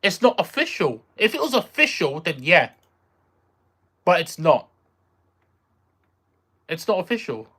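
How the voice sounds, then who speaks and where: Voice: medium pitch, sing-song, unhurried, pauses often, fairly bright tone, husky. A streamer chatting casually with viewers on a live stream, rambling, repeating phrases and trailing off while searching for words. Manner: reacts aloud to viewer messages. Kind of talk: casual livestream chat with viewers.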